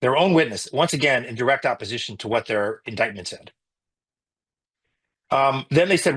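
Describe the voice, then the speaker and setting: A man's voice: medium pitch, lively intonation, moderate pace, pauses often, a bit bright, slightly rough. A middle-aged man, an emergency physician, giving an emotional personal account in an interview, earnest, with frequent restarts and rising indignation.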